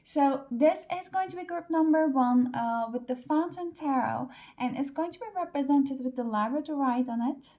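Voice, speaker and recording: A woman's voice: high voice, normal speed, hardly any pauses, warm tone. A woman doing a casual pick-a-card tarot reading, talking loosely with lots of "like" and "uh" fillers. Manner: chatty, loose, many fillers like "like" and "uh".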